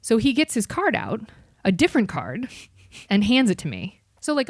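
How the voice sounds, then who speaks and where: A woman guest on a podcast, telling a story with animated, profane delivery and acted-out voices. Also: on the high side, normal speed, no echo, studio quality. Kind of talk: casual storytelling chat.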